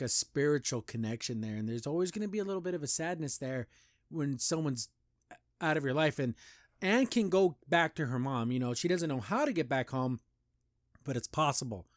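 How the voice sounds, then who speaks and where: A man hosting a cartoon review show, chatting casually and enthusiastically, rambling with lots of "like" and "you know" and jumping up in pitch when he praises a scene. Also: a little fast, no echo, studio quality.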